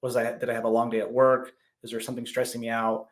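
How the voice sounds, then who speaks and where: A man's voice: mid-range voice, fast. A man in his thirties, a podcast guest, chatting casually and acting out his own quoted lines as he tells stories. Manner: animated storytelling, acts out quoted lines. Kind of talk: casual interview chat.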